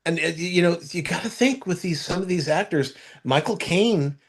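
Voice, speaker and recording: A man's voice: high-pitched, lively intonation, moderate pace, breathy edge. A man co-hosting a podcast, chatting casually and listing movie trivia with frequent stumbles and restarts. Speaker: podcast co-host. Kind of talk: casual chat about movies.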